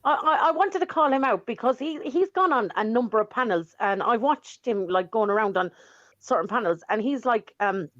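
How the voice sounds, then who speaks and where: A woman's voice: a little high, animated, moderate pace, fairly bright tone, lo-fi sound. A woman talking on a livestream panel, indignant and rambling with many fillers. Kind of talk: casual livestream panel talk.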